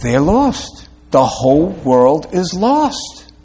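A pastor preaching a sermon, asking rhetorical questions and rising to emphatic peaks, with quick asides between slow, stressed phrases. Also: male voice, fairly high pitch, very animated, warm tone, slightly rough.

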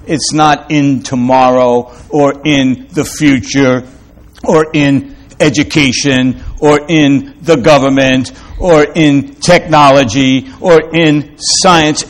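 A man's voice: medium pitch, steady tone, slow pace. A man preaching a sermon in an emphatic way, repeating phrases for effect and asking rhetorical questions.

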